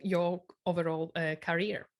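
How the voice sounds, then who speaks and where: A woman's voice: on the low side, little pitch movement, normal speed. Hesitant woman podcast host. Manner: hesitant, many fillers and restarts. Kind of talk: interview wrap-up.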